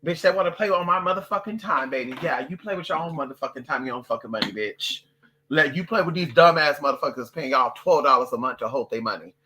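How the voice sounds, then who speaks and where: An adult vlogger ranting to camera, loud and profane, swearing constantly and slipping into mocking voices for other people. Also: medium pitch, animated, quick pace, background noise. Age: adult, parent of a toddler.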